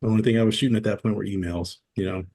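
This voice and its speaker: Podcast guest, man in his forties, lowish voice, easygoing storyteller who slips into the voices of the people he quotes. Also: rapid-fire. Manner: relaxed storyteller who acts out quoted dialogue. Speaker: podcast guest, former military. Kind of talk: casual interview storytelling.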